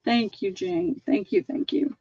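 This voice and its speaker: A woman's voice: high voice, lively intonation, measured pace, vocal fry, a little mellow, breathy edge, no room sound, muffled recording. A woman hosting a live online sale, chatting as she measures and describes items. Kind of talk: live-streamed sale pitch.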